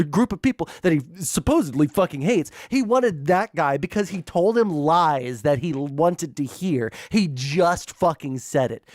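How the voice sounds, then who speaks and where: A man's voice: high voice, no echo, clean studio sound. A man streaming political commentary, ranting in a heated, profane way and laughing at himself between outbursts. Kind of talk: livestream commentary.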